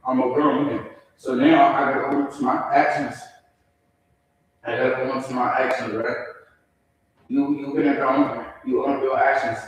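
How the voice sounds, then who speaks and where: A young man speaking as a defendant at his sentencing, crying, remorseful and halting, often repeating himself. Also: medium pitch, level tone, slight background noise. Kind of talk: courtroom statement. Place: large echoey courtroom. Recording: echoey courtroom from far off.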